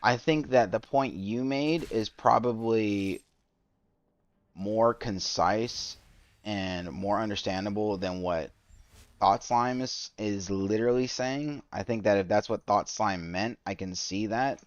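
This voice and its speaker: A man's voice: on the low side, slow pace, no room sound. A man streaming while playing a game, ranting in an exasperated, rambling way, with lots of restarts, as casual live reaction commentary, on a slightly dull lo-fi mic.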